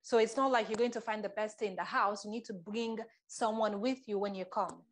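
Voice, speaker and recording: A woman's voice: medium pitch, brisk. A woman interviewing a reality show applicant, asking friendly, probing questions. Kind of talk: audition interview.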